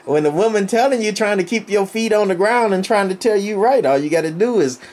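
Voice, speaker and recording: Lively-voiced man chatting on CB radio. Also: sits high, a little fast. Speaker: CB radio operator. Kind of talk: casual CB radio chat. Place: on the air by CB radio.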